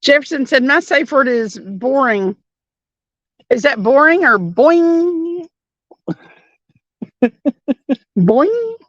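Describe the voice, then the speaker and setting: High-pitched lady on a fishing stream, giggly, reads out the chat, dry muffled sound. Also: lively intonation, slow, pauses often, fairly bright tone, no echo. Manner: giggly, reads viewer comments aloud. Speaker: fishing livestream host. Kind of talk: casual livestream chat. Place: fishing boat outdoors. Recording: dull muffled audio.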